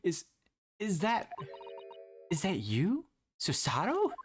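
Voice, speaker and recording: A man reading as a young woman who is all nerves and gushing admiration, her voice flying high and swooping wide as she squeals and stammers. Game music plays steadily underneath. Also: huge pitch swings, slow, full character voice. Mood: shocked. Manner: gasping, high-pitched squeals of surprise. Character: excitable young woman, flustered and doting.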